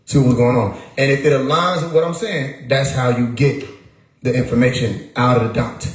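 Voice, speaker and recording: A livestream host delivers a casual monologue in an echoey room, his mid-range voice keeping fairly even intonation at a moderate pace. He is emphatic, repeating words and asking rhetorical questions.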